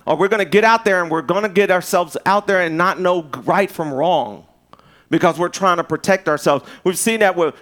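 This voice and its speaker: A man preaching a sermon in a loose, conversational way, with restarts and asides, swinging from loud emphasis to hushed, and in his speech. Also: fairly high pitch. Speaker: pastor.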